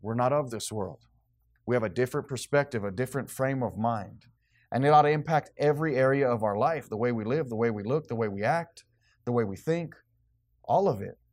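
A man preaching to his congregation as pastor. He reads scripture in a slow, deliberate way. Between readings he talks plainly and conversationally, with an easy, informal manner. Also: mid-range voice, lively intonation, a little mellow. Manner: reads scripture slowly and deliberately, then talks casually with laughs. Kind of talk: sermon.

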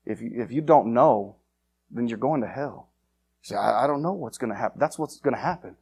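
A man preaching an evangelistic sermon, confrontational and fiery, swinging between loud urgent lines and hushed ones. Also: medium pitch, lively intonation, fairly quick, gravelly, husky.

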